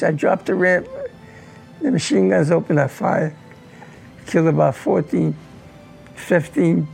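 Gravelly, emotional man in his nineties. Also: on the high side, darkish tone, rough recording. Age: 90s. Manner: halting, repeats words, voice breaks with emotion. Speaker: war veteran. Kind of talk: recounting personal war memory.

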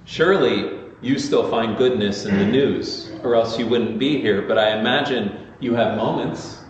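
A man's voice: medium pitch, a little slow, slight background noise. A man preaching a sermon as pastor, talking conversationally with fillers and restarts. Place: large echoey church sanctuary. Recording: echoey muffled church recording from far off.

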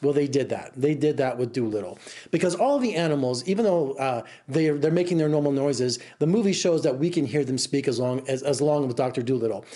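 A man's voice: mid-range voice, expressive, brisk, warm tone. A middle-aged man reviewing a film in a casual, rambling way, exasperated and full of restarts. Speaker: film critic. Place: Las Vegas.

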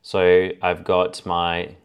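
A man's voice: low-pitched, completely flat delivery, extremely slow, smooth. A man hosting a solo fitness podcast, talking casually and laying out his tips point by point. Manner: chatty, lists points as A and B. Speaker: fitness coach podcast host.

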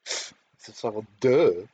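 A man co-hosting a podcast, chatting casually and hesitantly, with many restarts. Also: medium pitch. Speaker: podcast co-host. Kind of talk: casual episode review chat.

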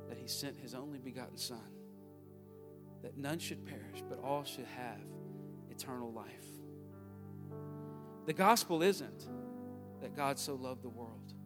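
Southern pastor preaching in a reverberant hall. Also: male voice, medium pitch. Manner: preaching with swells from quiet storytelling to loud exhortation. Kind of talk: sermon.

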